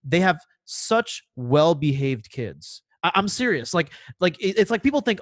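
A man's voice: a little high, sing-song, moderate pace, few pauses, dry recording, studio quality. A young man in casual podcast chat, talking emphatically and repeating words when worked up.

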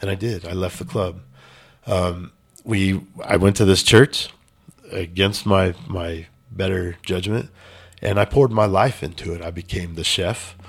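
A man's voice: sits low, fairly even intonation, measured pace, creaky, breathy edge. A man telling a personal story in a casual interview, blunt and emphatic with some swearing. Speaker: podcast guest.

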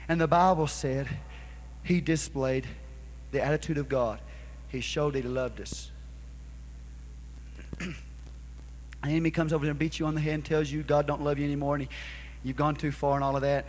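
Male pastor, high voice, fervent call-and-response preaching, live church recording. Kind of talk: sermon.

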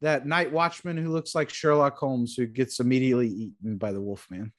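A man's voice: mid-range voice, fairly even intonation, brisk. A man chatting casually and enthusiastically about a film, slipping into put-on voices to quote characters. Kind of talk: casual movie chat.

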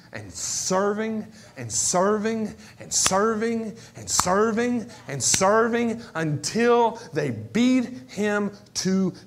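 Impassioned high-voiced male pastor preaching. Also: a little hiss or hum. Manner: impassioned preaching, swinging from shouts to whispers; repeats phrases for emphasis. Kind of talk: sermon.

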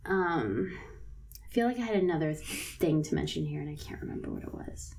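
A woman's voice: deep voice, expressive, fairly quick, creaky, a little mellow. Laid-back swearing woman co-host. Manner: laid-back, swears casually, summarizes plot. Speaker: podcast co-host. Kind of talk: casual chat recapping a TV show.

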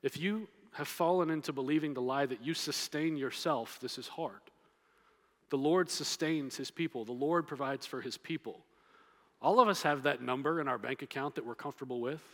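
A man's voice: mid-range voice, moderate pace. A man, a pastor preaching a conversational sermon with playful humor and emphatic repetition. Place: church sanctuary. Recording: long reverb of a large hall.

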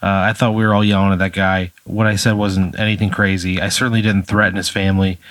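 Low-voiced man, indignantly protesting. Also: little pitch movement, quick pace, noisy background. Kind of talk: improvised comedic back-and-forth.

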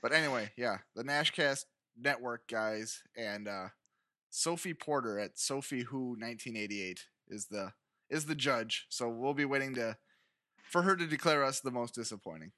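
An American man in his thirties trades dry, teasing jokes with his podcast co-host. His voice sits at a middle pitch with a bright, forceful tone. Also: moderate pace. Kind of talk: casual chat.

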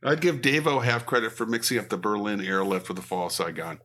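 A man's voice: lowish voice, steady tone, fast talker, pushed and bright. A man competing in a trivia game with friends, joking and laughing often. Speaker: quiz contestant. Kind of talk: casual chat.

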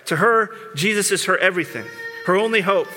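A pastor delivers an earnest, informal sermon, now and then stumbling and repeating words. His high voice sounds tense and bright, with the long reverb of a large church sanctuary. Brisk music plays faintly behind him.

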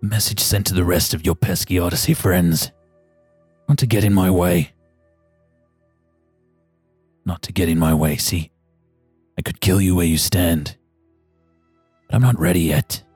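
A man voicing a menacing, gloating villain in a tabletop game, speaking slowly with cold threats. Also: low voice, fairly even intonation, a little mellow, husky, no echo, soft background music. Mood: gloating menace. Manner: slow, taunting, gloating delivery. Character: menacing villain, a man who has returned.

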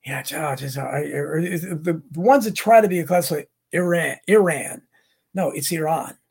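A man's voice: a little high, a little fast, creaky, a little mellow, breathy edge. A middle-aged man from the United States hosting a livestream, reading viewer comments and rambling through anecdotes with many restarts. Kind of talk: casual rambling chat.

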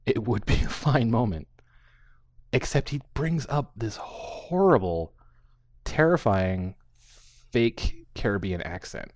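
Low-voiced man discussing films. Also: takes it slowly, pauses often, no room sound, clean studio sound. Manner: animated, acts out quotes, frequent fillers. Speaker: podcast host. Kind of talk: casual film discussion.

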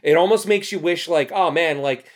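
A man in his thirties from New Jersey chats on a podcast. His delivery is animated and salted with profanity. His voice sits a little high for a man. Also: normal speed. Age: 30s. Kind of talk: casual podcast chat.

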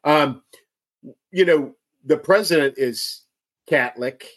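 A man's voice: on the high side, takes it slowly. A man from outside Chicago with a Chicago accent, talking politics in a casual chat, emphatic and often repeating his words. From outside Chicago, USA.

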